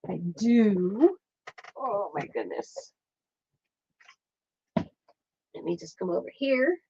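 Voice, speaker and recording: Woman host thinking aloud through a stitching demo on a stream, slow and easygoing, close dry lo-fi mic. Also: medium pitch, very animated, mellow, slightly rough, no room sound. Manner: chatty, thinks aloud, greets viewers by name. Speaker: craft show host. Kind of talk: casual livestream stitching demo. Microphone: streaming setup mic.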